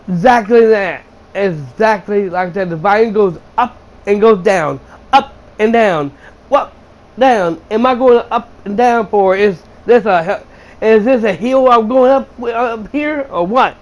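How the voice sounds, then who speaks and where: A man's voice: high voice, unhurried, low-quality recording. A young man hosting a video game channel, ranting through a blunt, profane, exasperated movie review.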